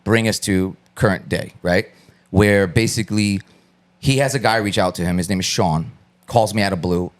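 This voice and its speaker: A man's voice: low voice, normal speed. A man, a guest artist, telling loose, profane stories in a casual interview and acting out what people said to him. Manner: loose, profane storytelling with acted-out quotes.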